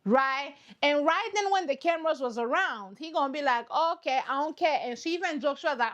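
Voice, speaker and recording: Woman reaction vlogger, high voice, lively and playful. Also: fairly quick, few pauses. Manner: animated, playful, repeats herself for effect. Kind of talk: casual reaction commentary.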